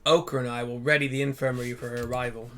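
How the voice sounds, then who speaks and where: A man's voice: medium pitch, flat delivery, quick pace, fairly bright tone, close to an everyday voice. A man reading a formal male fantasy scholar's game dialogue aloud in an attempted Texan accent, with stiff old-fashioned phrasing. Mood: grave, earnest.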